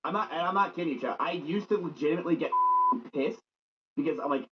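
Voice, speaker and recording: A man's voice: on the high side, quick pace, heavy background noise. Teasing streamer guy, lo-fi stream audio. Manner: blunt, teasing. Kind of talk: casual chat.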